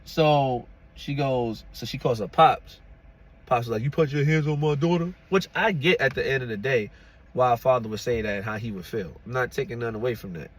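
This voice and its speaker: A man recounting his own story to viewers in a loose, conversational way. He talks in a chatty, easygoing manner with frequent laughs, and keeps tagging his sentences with "you know what I'm saying". His voice sits at a medium pitch. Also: brisk. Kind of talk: casual storytime.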